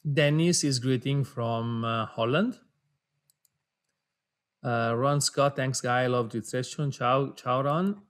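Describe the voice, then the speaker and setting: A man's voice: medium pitch, a bit bright. Man reading viewer greetings on a webinar. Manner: reads out names and greetings, drifting between languages, quick to laugh. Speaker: webinar co-host for an audio brand.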